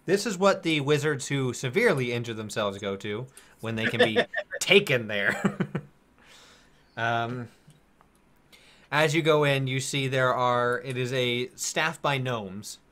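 Bright-sounding guy running a tabletop game, jokey, lots of ums. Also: medium pitch, animated, a little slow. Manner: loose, joking, many fillers. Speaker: game master. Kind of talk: narrating a tabletop game, putting on voices.

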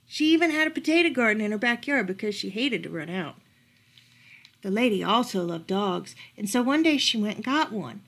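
A woman librarian reading a picture book aloud as a bedtime story, gentle and expressive. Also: a little high. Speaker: children's librarian.

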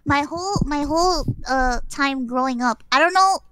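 A woman's voice: sits high, moderate pace, fairly bright tone, no echo, clean studio sound. A young woman on a voice call, telling a story animatedly and laughing often. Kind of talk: casual group chat.

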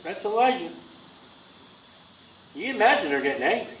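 A man preaching a sermon in a combative, sarcastic way, his delivery swinging from loud to soft. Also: very high voice, lively intonation, moderate pace, pauses often, a little hiss or hum. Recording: echoey room from far off.

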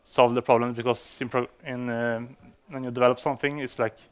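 Here a man whose first language is Swedish presents to developers at a conference in English. The voice is medium in pitch, smooth and brisk, showing little pitch movement, while his speech is hesitant and riddled with fillers and restarts.

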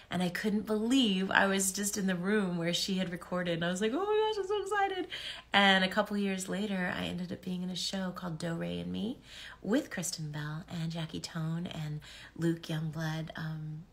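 A woman's voice: lowish voice, gravelly. A middle-aged woman chatting casually on a live stream while she signs autographs, bubbly, reading comments aloud with lots of ums.

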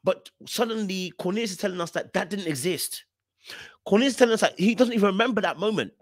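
A man's voice: high voice, fast talker, no room sound, studio quality. A man with a British accent hosting a podcast, giving emphatic, repetitive commentary on reality TV clips. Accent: British English.

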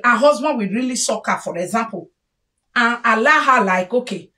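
Woman, Nigerian accent, high voice, lecturing, scolding, casual advice. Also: lively intonation, normal speed, bright, forceful tone, recorded from a distance. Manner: lecturing, scolding, mixing pidgin. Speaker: vlogger. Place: home.

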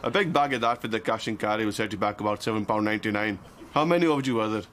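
An actor playing a quick-witted, sarcastic male corner-shop owner, dry and teasing. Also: on the low side, a bit bright, natural voice. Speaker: shopkeeper. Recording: TV soundtrack with background noise.

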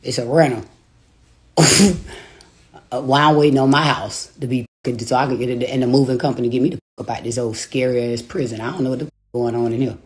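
A woman's voice: very deep voice, steady tone, fast talker. A woman on a phone livestream from home, delivering a taunting, profane rant and laughing between her insults. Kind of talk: profane live-stream rant. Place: home, a rented house.

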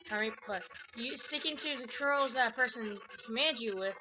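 A woman's voice: a little high, normal speed, muffled recording. A woman giving let's-play commentary, rambling through asides and breaking into yelps and squeals. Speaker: gameplay commentator. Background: faint game music.

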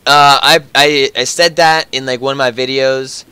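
A man's voice: mid-range voice, fairly even intonation, moderate pace, sharp tone, clear, resonant tone, dry recording. A man hosting a casual let's-play, joking and thinking aloud as he plays. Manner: playful, joking, thinking aloud while playing. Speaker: gaming channel host.

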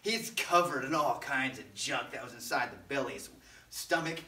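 A children's pastor leads a kids' church service, telling a Bible story playfully with sound effects. His medium-pitched voice is animated, bright, and forceful at a moderate pace, recorded roomy from mic distance with slight background noise.

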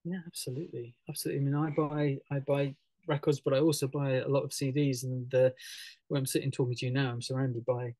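Male musician guest, mid-pitched, halting and filler-heavy, dry close sound. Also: flat delivery, mellow, no echo, rough recording. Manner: halting, many fillers and restarts, laughs often. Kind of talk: casual radio interview over a video call.

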